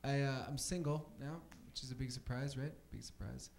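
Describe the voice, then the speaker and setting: A man's voice: mid-range voice, fairly even intonation, moderate pace, gravelly, a little hiss or hum. Young man rambling through a stand-up set. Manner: rambling, filler-heavy, casual. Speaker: stand-up comedian. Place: comedy club stage.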